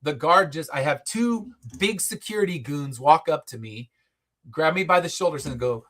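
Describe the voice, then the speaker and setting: Bright-voiced man telling a lively story. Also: a little high, normal speed. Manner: animated, acts out quoted people, swears casually. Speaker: podcast guest. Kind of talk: casual storytelling chat.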